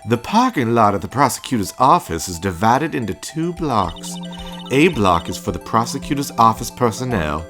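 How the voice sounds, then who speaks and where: A man putting on a brash, smug woman ex-detective, her voice rising and falling with taunts over clear game music. She talks down to the whole courtroom. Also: medium pitch, big pitch swings, moderate pace, a bit bright. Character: brash cocky woman ex-detective, lunch seller.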